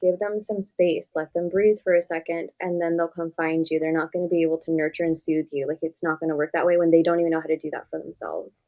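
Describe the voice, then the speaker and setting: A woman's voice: deep voice, flat delivery, fast talker, few pauses, dark tone, poor audio. A woman therapist talking as a podcast guest, giving direct, earnest advice and often saying "like". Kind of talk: podcast interview conversation.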